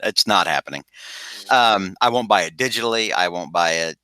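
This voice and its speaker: A man with a lowish voice and a very bright, forceful edge, talking casually on a podcast. He rambles, restarts his sentences and chuckles through his summaries. The sound is close and dry. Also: lively intonation, normal speed, dry recording. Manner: rambling, self-interrupting, laughs while summarizing. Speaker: podcast host.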